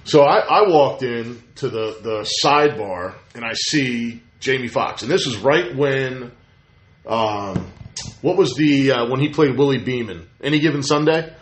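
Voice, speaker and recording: A man chatting casually as a podcast host, telling stories with lively acted-out quotes. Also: medium pitch, measured pace. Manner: animated storyteller, acts out quotes. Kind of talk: casual chat. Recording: roomy echo.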